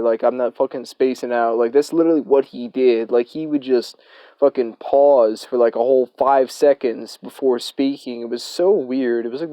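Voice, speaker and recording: A man's voice: medium pitch, no echo. A young man casually telling a rambling, profanity-laced story as a story time vlogger. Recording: dry, dull lo-fi recording.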